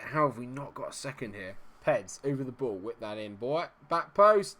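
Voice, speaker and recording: A man commentating live on his football management game, chatty and reacting loudly to the plays. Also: lowish voice, expressive, a little slow, hardly any pauses, a little hiss or hum.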